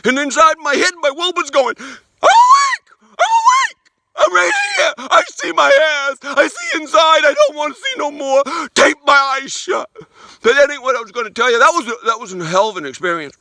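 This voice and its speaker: Male comedian as an old country codger, very high and pinched, rambling and crude. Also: quick pace, sharp tone, no room sound, full character voice. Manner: rambling, folksy, crude, stumbling restarts. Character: rambling crude old rural man, folksy storyteller. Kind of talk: comic monologue in character.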